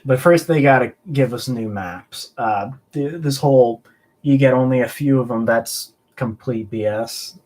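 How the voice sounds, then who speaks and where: A man's voice: mid-range voice, measured pace, a little mellow. A man hosting a casual live stream, joking around and answering viewer chat in a rambling way. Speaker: host of a collectibles live stream.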